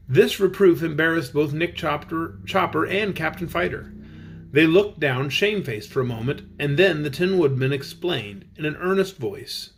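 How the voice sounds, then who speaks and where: A man reading a children's book aloud, with lively storybook narration. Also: a little high, normal speed. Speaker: audiobook reader.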